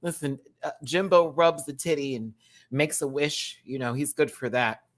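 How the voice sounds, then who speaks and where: A man hosting a casual reaction show, campy and chatty, swinging from loud exclamations to quiet asides and laughing often. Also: fairly high pitch, moderate pace. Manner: campy and chatty, repeats words for emphasis.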